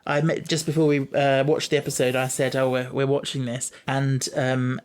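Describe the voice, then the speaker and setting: Chatty podcast host. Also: male voice, mid-range voice, level tone, clear, resonant tone. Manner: chatty, eager, quick to laugh. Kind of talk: casual podcast chat.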